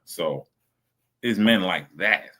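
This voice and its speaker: A man's voice: sits low, slow, bright, forceful tone. A man, reacting to videos on a casual stream in a blunt, profane, rambling way.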